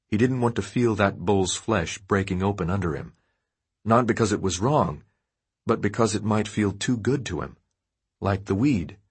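A male audiobook narrator with a low, husky voice reads dark fiction. His delivery is steady and measured, and it stays even through the grim passages.

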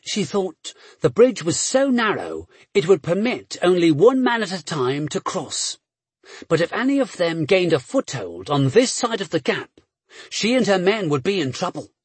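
A man reading an adventure novel aloud as a narrator, measured and steady, with brief voiced dialogue. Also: sits high, husky, no room sound. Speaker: audiobook narrator. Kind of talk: scripted narration.

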